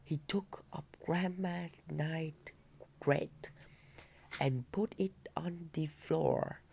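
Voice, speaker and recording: A woman, a Vietnamese native speaker, reading a children's story aloud with a halting delivery and small slips. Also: sits low, creaky, dark tone, husky. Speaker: reader.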